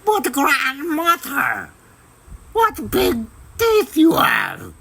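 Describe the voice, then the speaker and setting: A man voicing a frightened little girl in a red hood, in a high, wavering child voice for a storybook reading. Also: huge pitch swings, very slow, sharp tone, full character voice. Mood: wary, frightened.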